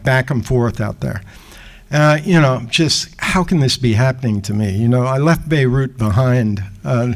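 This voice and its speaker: A man in his sixties, a guest speaker giving a lecture and telling an animated anecdote, acting out the people in it. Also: mid-range voice, low-quality recording. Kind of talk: storytelling lecture.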